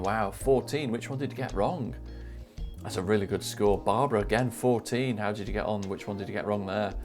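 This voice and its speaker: A man hosting a live online quiz, cheerily reading out scores and joking with players. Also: fairly low pitch. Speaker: quiz host. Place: home live stream.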